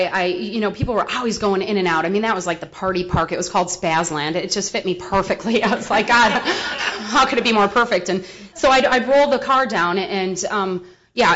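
A woman's voice: mid-range voice, a little fast, fairly bright tone. Woman, Midwest-raised, recovery share, humorous, candid, lots of fillers, muffled lo-fi recording. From Milwaukee, US Midwest. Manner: frank, humorous, rambling with many fillers. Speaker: speaker sharing at a recovery meeting. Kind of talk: personal testimony, casual storytelling. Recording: dull lo-fi recording.

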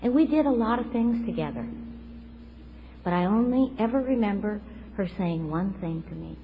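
A woman's voice: medium pitch, lively intonation, normal speed. A woman in her fifties gives a personal testimony about recovery, speaking in an earnest, reflective way and sometimes close to tears. The recording is dull and lo-fi, with a faint hiss underneath. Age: 50s. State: tearful at times.

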